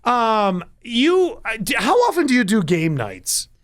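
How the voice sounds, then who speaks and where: A man with a high, bright-sounding voice that swings widely in pitch, talking loosely with his co-host. He plays characters in his jokes with big jumps in tone. The recording is close and dry, with no room sound. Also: huge pitch swings, unhurried, no echo. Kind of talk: casual banter and joke-telling.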